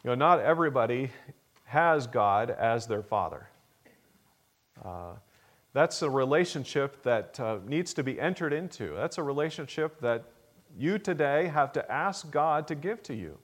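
A man preaching a Sunday morning sermon as pastor, earnest, rising to emphatic peaks and then dropping low and soft. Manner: acts out a child's pleading voice in a story.

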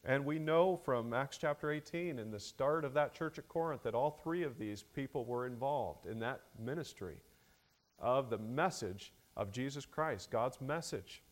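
A man preaching an expository sermon, measured and deliberate, with frequent fillers and rising emphasis on key words. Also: medium pitch.

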